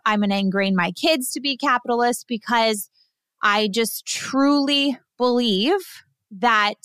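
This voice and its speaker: A woman in her thirties hosting a podcast, telling a story in a chatty, animated way with lots of fillers and laughter. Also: a little high, no room sound. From Southern California. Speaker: podcast host. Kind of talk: casual storytelling monologue.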